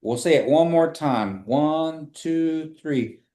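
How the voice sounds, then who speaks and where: A man teaching a classroom language lesson, patiently repeating phrases slowly for his students. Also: a little high, crowd noise. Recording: echoey room.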